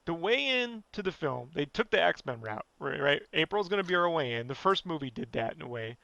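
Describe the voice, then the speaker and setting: A man with a high, bright voice rants on a podcast, animated and profane. He talks casually and keeps pushing his point. The sound is dry and close, with no room around it. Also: a little fast, creaky, no echo, highs cut off. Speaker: podcast guest.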